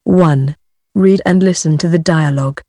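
A woman narrating a pronunciation textbook's audio, reading instructions slowly and deliberately. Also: on the low side, dark tone, dry recording, clean studio sound.

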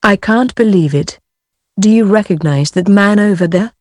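A woman's voice: medium pitch, normal speed, darkish tone, dry recording, clean studio sound, lightly acted. A woman reading the lines of a girl in a textbook dialogue, in a plain reading voice. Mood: surprised.

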